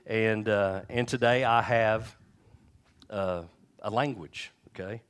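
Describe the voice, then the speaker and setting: A middle-aged man preaching from the pulpit in a somewhat low voice. He tells his stories conversationally, acting out the quoted voices and swinging between loud and soft. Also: fairly even intonation, slow pace, clear, resonant tone. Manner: storytelling, acts out quotes with shifting pitch and volume. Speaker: pastor. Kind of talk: sermon.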